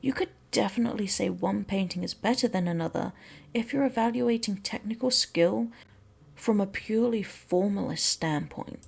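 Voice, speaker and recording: A woman's voice: mid-range voice, gravelly, breathy edge. A woman voicing a pompous middle-aged male art teacher who lectures in long, wordy sentences, from a game.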